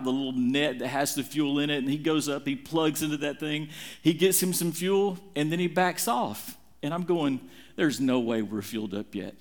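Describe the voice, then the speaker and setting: Middle-aged guy preaching, tells a story all dramatic, voice swoops up high then drops low. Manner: animated, dramatic retelling with big swings in pitch. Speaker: pastor. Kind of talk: sermon storytelling.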